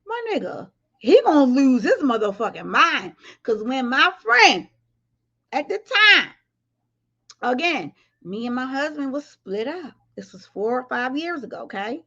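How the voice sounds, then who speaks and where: A woman hosts a casual livestream commentary, going off bluntly and cussing while speaking straight to her viewers. Her voice is high-pitched and sharp, with big pitch swings and a measured pace, and the audio is a bit dull.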